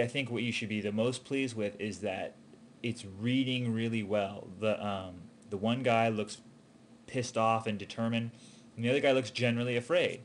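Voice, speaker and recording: A man's voice: fairly low pitch, slight background noise. A man giving an animation student casual, encouraging feedback, hesitating with frequent ums and restarts. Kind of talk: casual spoken critique.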